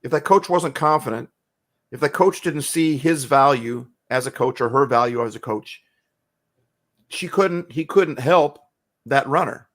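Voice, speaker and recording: A man's voice: mid-range voice, a little slow. A man co-hosting a casual chat, reflecting thoughtfully. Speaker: podcast co-host.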